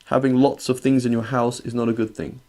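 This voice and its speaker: A man's voice: medium pitch, little pitch movement, fairly quick, dark tone. A male religious teacher giving a conversational lesson. He reads classical Arabic passages, translates and explains them, and keeps checking in with "right?". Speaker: Islamic teacher.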